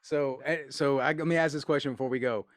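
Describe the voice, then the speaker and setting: A man hosting a casual interview, an excitable storyteller who acts out quotes and laughs often. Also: medium pitch, fast talker, dry recording, studio quality.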